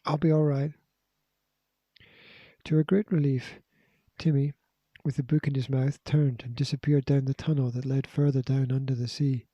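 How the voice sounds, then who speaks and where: A man reading a children's adventure story aloud in a steady, expressive way. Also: medium pitch, normal speed, no echo, muffled recording. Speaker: narrator. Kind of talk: audiobook narration.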